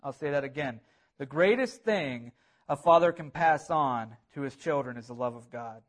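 A man's voice: medium pitch, animated, normal speed. A man preaching a sermon, earnest and repetitive, building emphasis on key phrases. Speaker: pastor.

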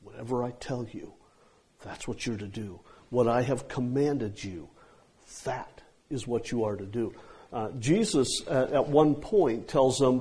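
A man preaching an expository sermon, emphatic, with drawn-out phrases and pauses. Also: mid-range voice, dark tone, breathy edge.

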